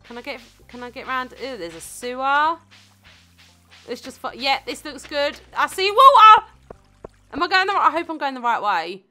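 Giggly, excitable woman gamer. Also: high voice, normal speed, faint music behind. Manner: giggly, excitable, self-mocking. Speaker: gaming channel host. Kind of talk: let's play commentary.

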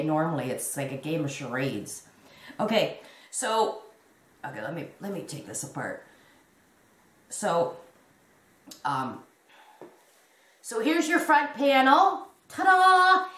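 Woman, 50s, slow and chatty home crochet vlogger who keeps restarting her sentences, in an echoey room. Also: a little high. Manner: rambling, chatty, restarts and giggles. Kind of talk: casual show-and-tell chat.

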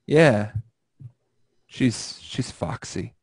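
A man's voice: medium pitch, animated, drawn-out words, a little mellow, slightly rough, dry recording. A young man hosting a casual podcast over an online call, rambling and joking crudely. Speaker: podcast host.

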